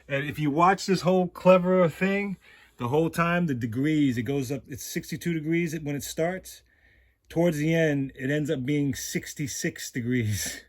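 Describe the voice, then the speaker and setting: A man vlogging in a casual monologue, rambling and repeating words, often laughing. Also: a little high.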